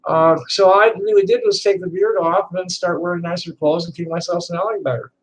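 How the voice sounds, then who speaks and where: A trans woman in her sixties ranting to camera in a profane, defiant, bitter way, halting and repeating words with laughing asides. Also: on the low side, steady tone, poor audio. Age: 60s. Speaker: vlogger. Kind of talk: unscripted rant to camera.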